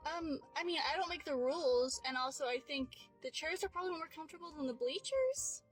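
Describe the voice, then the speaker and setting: Loud, high-voiced woman at a front desk. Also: animated, a little fast, few pauses, soft background music, low-quality recording. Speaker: rink front desk worker. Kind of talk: comedic skit in a short video.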